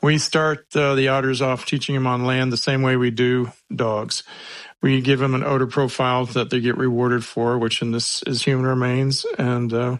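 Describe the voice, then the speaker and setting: A man's voice: medium pitch, little pitch movement, normal speed, no echo. A man who handles a search and rescue otter, telling stories in a folksy, joking way with a lot of restarts. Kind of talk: casual interview storytelling.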